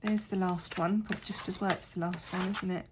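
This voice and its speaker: A woman's voice: fairly low pitch, steady tone, normal speed, background noise. A middle-aged woman chatting casually and rambling a little while she works on a craft project, poking fun at herself. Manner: chatty, rambling, self-deprecating. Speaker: crafting vlogger.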